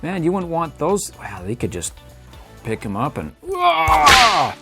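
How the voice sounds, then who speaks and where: Very animated and speaking at a moderate pace, a middle-aged man with a medium-pitched voice hosts a casual toy review. He's playful and laughing, posing figures with little sound effects, while music plays in the background.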